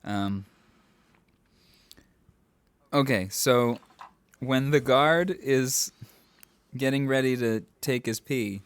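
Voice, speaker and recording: A man's voice: medium pitch, very slow, long pauses, clear, resonant tone. Young man joking on a podcast. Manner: joking, breaks into loud quoted lines and laughs. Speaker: podcast co-host. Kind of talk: casual movie podcast chat.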